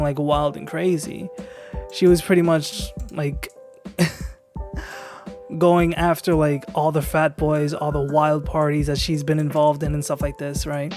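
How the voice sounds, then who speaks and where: Low-voiced woman ranting on stream. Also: darkish tone. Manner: profane ranting, keeps asking "right?". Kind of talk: casual live-stream commentary.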